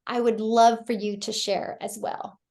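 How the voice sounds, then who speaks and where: Upbeat woman from kansas hosting an online sales webinar, bit high voice, keeps saying you guys. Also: little pitch movement, a little slow, darkish tone. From Kansas, USA. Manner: enthusiastic, storytelling, often says "you guys". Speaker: host. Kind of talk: live webinar sales talk.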